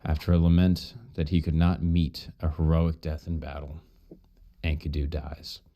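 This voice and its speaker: A man's voice: very deep voice, level tone, moderate pace, mellow. A man streaming while he retells an old myth in a casual, profane, joking way, full of asides.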